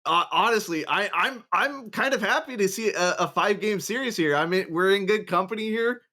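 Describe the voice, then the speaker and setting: A man with a fairly high voice calls a live esports card game. He talks in a chatty, excited way and hypes the coming match. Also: brisk. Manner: chatty, hyping up the next game. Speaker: esports caster. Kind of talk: live play-by-play commentary.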